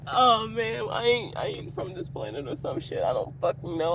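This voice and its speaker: A woman's voice: on the high side, sing-song, unhurried, noisy background. A woman vlogger talking in a rambling, profane, casual rant that keeps going off on tangents. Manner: profane, goes off on tangents, laughs a lot.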